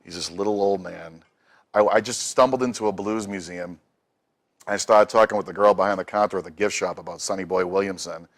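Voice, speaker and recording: A middle-aged man tells stories in a relaxed, chatty way. His voice sits a little low, and he slips into the voices of the people he talks about. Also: brisk. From Boston. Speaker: musician guest. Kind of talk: casual storytelling.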